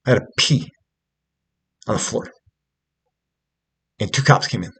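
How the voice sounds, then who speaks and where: A man's voice: medium pitch, a little slow, vocal fry, a bit bright, husky. A man telling a rambling personal story, agitated and profane, with many fillers and asides. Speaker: storyteller recounting personal events. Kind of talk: rambling spoken monologue.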